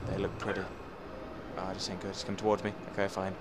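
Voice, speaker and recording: A man giving casual, chatty gameplay commentary with excitable outbursts and self-mocking asides. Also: sits low, fast talker. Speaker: let's play commentator. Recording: game audio noise under the voice.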